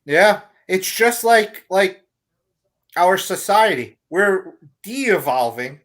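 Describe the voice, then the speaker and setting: A man with a bright, tense, fairly high voice gives strong opinions in a casual chat. He leans hard on his points. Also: big pitch swings, slow pace. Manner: opinionated, emphatic. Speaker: show panelist.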